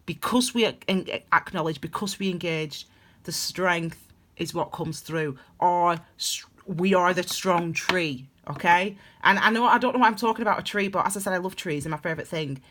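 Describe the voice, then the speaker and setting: A woman's voice: on the low side, moderate pace, fairly bright tone. A woman giving a casual spoken tarot reading, rambling and heartfelt, with frequent laughs. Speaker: tarot reader.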